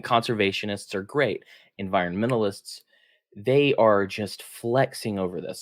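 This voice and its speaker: A man's voice: on the low side, no echo, studio quality. A man co-hosting a political podcast, chatting casually in an upbeat way and laughing often. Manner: upbeat, laughs often, reads headlines aloud. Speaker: podcast co-host.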